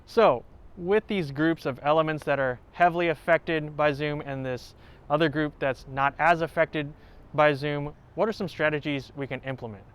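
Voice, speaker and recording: A man who plays violin, hosting a tutorial and calmly explaining step by step, now and then singing short examples. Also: a little high, moderate pace. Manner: clear, explanatory, with sung examples. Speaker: violin teacher and channel host. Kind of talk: instructional talk to camera. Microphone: home recording setup.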